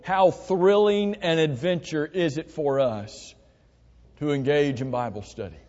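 A man with a high voice delivers an earnest teaching sermon in a church hall. He talks through his points with repeated instructions and restarts. The recording is dull and muffled, with a long reverb trailing off his words. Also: a little slow, a little mellow. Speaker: pastor.

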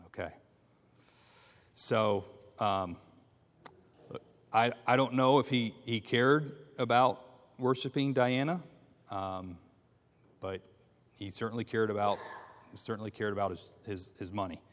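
A man with a fairly low voice teaches a Bible class in a hall with long reverb. He reads scripture haltingly, full of fillers and restarts, and puts questions to his class.

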